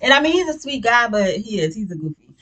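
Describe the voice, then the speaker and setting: A woman's voice: a little high, very animated, fast talker, a bit bright. A woman recapping a reality show in casual, blunt, opinionated chat, with many "you know what I'm saying" fillers.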